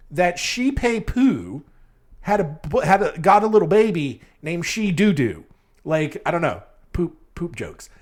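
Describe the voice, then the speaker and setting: A man hosting a casual storytelling podcast, rambling and jokey and often laughing at his own asides. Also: high-pitched. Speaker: podcast host.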